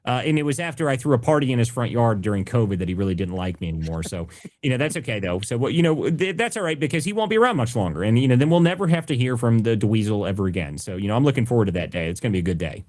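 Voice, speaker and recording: A man's voice: medium pitch, lively intonation, rapid-fire, a little mellow. A man hosting a live political audio chat, blunt and mocking, swearing freely about politicians. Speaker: host.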